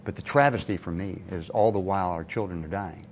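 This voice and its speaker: As a guest on a TV interview, a retired cardiologist, an older man with a very deep, low voice, tells a painful family story at a brisk pace. His words are earnest and measured, and faint noise runs beneath the recording.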